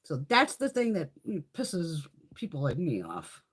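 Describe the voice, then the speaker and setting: Profane, animated middle-aged woman ranting. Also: low voice, a little slow, breathy edge. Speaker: live stream host. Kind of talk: casual live chat rant.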